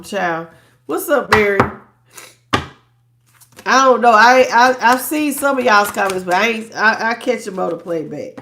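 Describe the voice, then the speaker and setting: A woman's voice: mid-range voice, fairly bright tone, slight background noise. A stuffed-up woman giving a blunt, preachy live tarot reading, talking in slang and greeting her chat viewers. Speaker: tarot reader.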